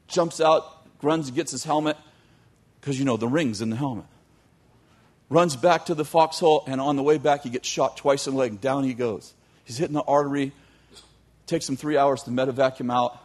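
A man telling a long story in a sermon, animated, with joking asides to his audience. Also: a little high, fairly quick. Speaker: youth teacher.

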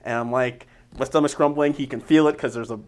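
A man in his forties, a guest in an interview, telling a story and acting out both sides of the dialogue in a lively way. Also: mid-range voice, a little fast. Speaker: interview guest, former agent.

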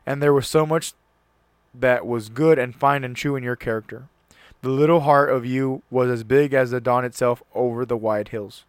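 A man's voice: medium pitch, smooth, no room sound. Man reading aloud, close and dry. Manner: reads aloud earnestly, stumbles and restarts on words. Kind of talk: casual solo talk with read-aloud passage.

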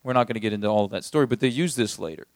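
A man's voice: fairly low pitch, very fast, no room sound, studio quality. A man giving a casual Bible teaching, retelling the story in a chatty, conversational way with plenty of fillers.

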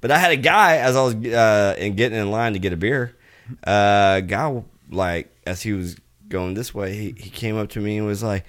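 Low-voiced laid-back man chatting. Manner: relaxed, halting, full of fillers and restarts. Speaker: podcast co-host. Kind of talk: casual chat.

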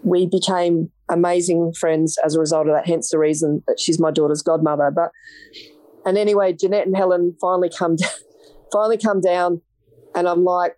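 An Australian woman recounts her story to an interviewer, bluntly and vividly, acting out each line of quoted dialogue. Her voice sits on the low side. The sound is dry and close, with no room echo. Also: fairly even intonation, moderate pace, mellow. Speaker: podcast guest.

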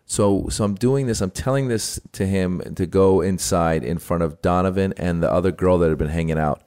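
A man with a very low, deep voice, talking in a relaxed way about family life. He animates his stories by acting out each quoted line. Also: smooth. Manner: animated storyteller, acts out quotes. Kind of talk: casual storytelling chat.

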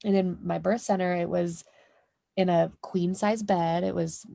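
A woman hosting a podcast, talking in a relaxed way with many "you know" fillers. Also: lowish voice, a little slow, gravelly, no room sound. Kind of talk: casual interview chat. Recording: dry close sound.

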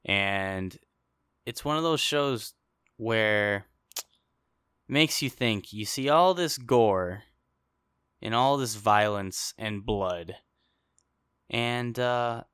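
A man's voice: lowish voice, lively intonation, slow pace, a bit bright, clean tone, no echo, studio quality. A young man co-hosting a podcast, chatting casually in a rambling, jokey way and laughing often. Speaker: podcast co-host. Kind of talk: casual chat.

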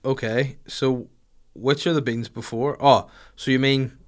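Animated man telling stories. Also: medium pitch, measured pace. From Northern Ireland. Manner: animated, profane, acts out voices in anecdotes. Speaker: podcast host. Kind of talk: comic storytelling chat.

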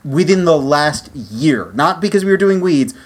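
A man co-hosting a casual podcast chat, animated and talkative with lots of fillers. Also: fairly high pitch, moderate pace. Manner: animated, chatty, full of fillers. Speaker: podcast co-host.

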